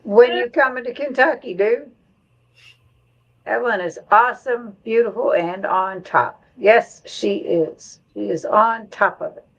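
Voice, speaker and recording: A woman's voice: fairly high pitch, a little slow, a bit bright, muffled recording. A middle-aged woman hosting a live stream in casual chat, reading viewer comments aloud and laughing along.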